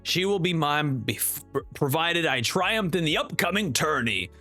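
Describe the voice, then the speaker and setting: A cold, arrogant nobleman speaks in a haughty, dismissive way, as a man reads him out. His pitch swings with a lively lilt. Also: measured pace, soft background music, full character voice.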